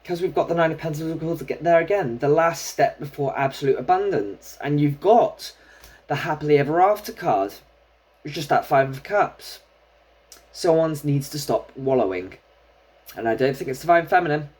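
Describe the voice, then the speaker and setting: Brief: tarot reader, mid-pitched, casual and chatty, muses aloud over each card. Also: animated, normal speed, a little mellow. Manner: chatty, thinking aloud while drawing cards. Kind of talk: casual solo tarot reading.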